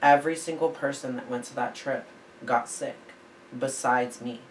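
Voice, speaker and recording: A man's voice: medium pitch, fairly even intonation, normal speed. A young man telling a story in a casual chat, rambling with lots of "like" fillers. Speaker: podcast co-host. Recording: echoey room, distant mic, faint hiss.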